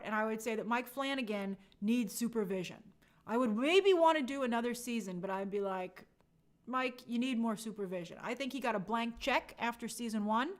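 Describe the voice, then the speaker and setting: A young adult woman hosting a casual review show, reading viewer comments aloud and acting out quotes in playful voices. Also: on the high side. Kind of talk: casual live chat review.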